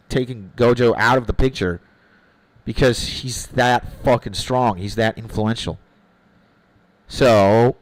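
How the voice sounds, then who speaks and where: A man's voice: lowish voice, dry recording, poor audio. A man streaming a game, chatting casually with his viewers, opinionated and swearing freely, often repeating himself as he gathers his thoughts. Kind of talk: casual live-stream chat, answering viewers.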